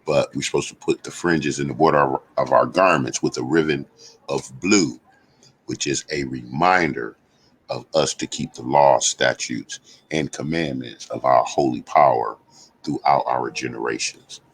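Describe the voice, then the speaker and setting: A man hosting a channel, giving a measured explanatory comment with small hesitations. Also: rumbling low, a little hiss or hum. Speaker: channel host.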